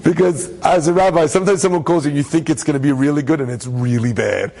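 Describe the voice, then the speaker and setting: Man, rabbi, storytelling talk, animated, jokes with the crowd, high voice. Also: fast, gravelly. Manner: animated, joking with the audience, acts out voices.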